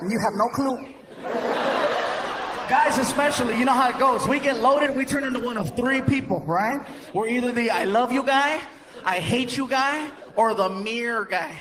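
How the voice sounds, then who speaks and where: A male stand-up comedian telling stories on a live stage, animated and shouting his punchlines. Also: very high voice. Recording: noisy live show with loud crowd.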